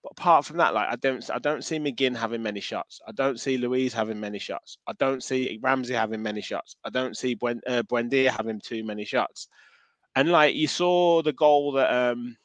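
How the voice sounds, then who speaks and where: A man's voice: medium pitch, fairly bright tone, dry recording. A man co-hosting a football podcast, chatting casually, with many restarts and comments read from listeners. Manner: rambling, frequent restarts, reads out listener comments. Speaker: podcast co-host.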